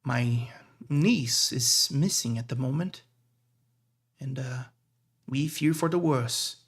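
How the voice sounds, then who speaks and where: Man as gentle Vistani uncle, soothing, husky, unhurried. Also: mid-range voice. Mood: reassuring. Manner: soothing, reassuring. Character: calm reassuring Vistani man, a family uncle.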